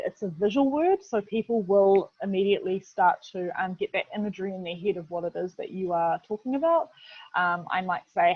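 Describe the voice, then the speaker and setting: A woman's voice: medium pitch, moderate pace, no echo. A woman with a New Zealand accent giving a casual, chatty webinar lesson, full of fillers and the word "literally". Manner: chatty, filler-heavy, keeps saying "literally". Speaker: webinar presenter, video production head. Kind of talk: casual instructional webinar talk. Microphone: video call. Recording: dull, dry lo-fi video-call audio.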